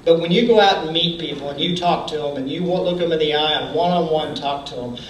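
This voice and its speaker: A man giving a folksy motivational speech at a campaign training event. He often restarts his sentences and clears his throat. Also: on the high side, fast talker, a little hiss or hum. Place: event hall. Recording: echoey hall from far off.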